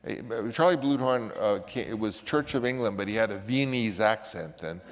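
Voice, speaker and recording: An older man telling stories from his directing career in a loose, rambling way. His voice sits somewhat low. The room adds a long, hanging reverb. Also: moderate pace. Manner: rambling, with many restarts and acted quotes. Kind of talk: casual anecdote.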